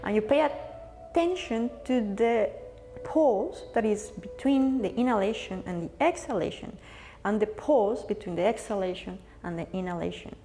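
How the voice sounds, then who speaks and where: Yoga teacher, female, warm low-bright tone, calm breath cues, slight hiss behind. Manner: calm, slow cueing of breath and movement. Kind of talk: guided yoga class instruction. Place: home studio space, live-streamed.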